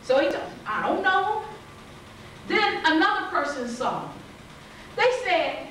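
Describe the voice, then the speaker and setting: Woman pastor preaching in aave, high voice, really echoey and far from the mic. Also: unhurried, pauses often, slight background noise. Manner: lively, acts out voices, laughs often, calls to the congregation. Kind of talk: sermon.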